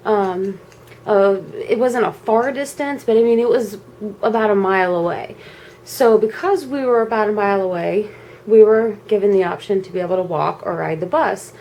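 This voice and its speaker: A young woman vlogger at home, telling a personal story in a casual, animated way. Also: mid-range voice, slight background noise, low-quality recording. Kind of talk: storytime vlog. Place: home at night.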